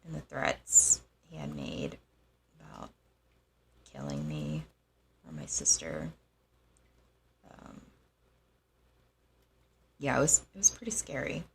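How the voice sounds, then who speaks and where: A young adult woman telling a personal story in a halting, soft-spoken way, with frequent pauses. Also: a bass voice, wildly swooping pitch, gravelly, a little hiss or hum. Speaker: host.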